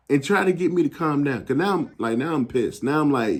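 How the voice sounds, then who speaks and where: A young adult man telling a casual story in an animated, slangy way, acting out the people he quotes. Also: medium pitch, fairly quick, hardly any pauses. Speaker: YouTube gaming channel host.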